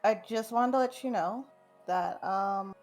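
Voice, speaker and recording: A woman's voice: medium pitch, measured pace, darkish tone, faint music behind. A woman player in casual chat during a tabletop game, breezy and a bit flustered.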